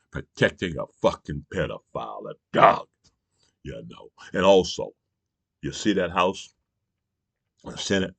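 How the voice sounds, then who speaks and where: A man's voice: low-pitched, dry recording. A man delivering an angry, profane political rant, jabbing questions at his listeners and repeatedly asking if they understand. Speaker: political commentator.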